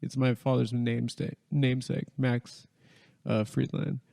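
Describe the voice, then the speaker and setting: A man's voice: mid-range voice, steady tone, unhurried, gravelly, mellow. A man chatting casually on a podcast, telling stories with many fillers and self-corrections.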